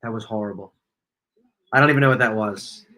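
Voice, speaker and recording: Bright-voiced man breaking down plays. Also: fairly low pitch, fairly quick, a little hiss or hum, poor audio. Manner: analytical, breaks down plays with a joking aside. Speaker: co-host of a fan watch-party stream. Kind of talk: casual live game commentary.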